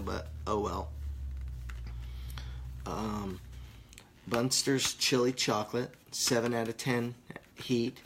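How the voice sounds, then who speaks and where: A stoned man rambling through a casual live vlog, swearing and bantering with viewers, sometimes dropping to hushed asides. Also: mid-range voice, slight background noise. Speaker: vlogger.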